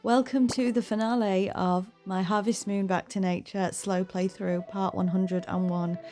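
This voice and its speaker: A woman's voice: mid-range voice, steady tone, a little slow, darkish tone, faint music behind. Giggly, emotional woman gaming host. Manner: chatty, giggly, flustered. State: emotional, close to tears. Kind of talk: casual game playthrough commentary.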